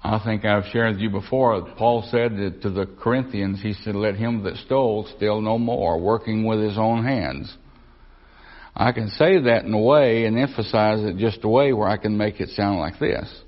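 Man, preacher, folksy Bible teaching, lowish voice, dull lo-fi recording. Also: normal speed. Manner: folksy, repeats himself, asks the room questions. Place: church or Bible class.

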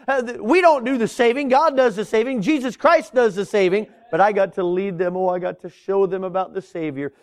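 Middle-aged male pastor, high voice, preaching a sermon with swells, drops and stretched words. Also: darkish tone. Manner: preacherly, swells and drops in volume, drawn-out emphasis. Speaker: Baptist pastor.

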